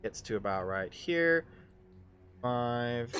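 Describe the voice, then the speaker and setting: A man narrating a live tabletop game as game master, halting often with ums and restarts. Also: medium pitch, expressive, fairly bright tone.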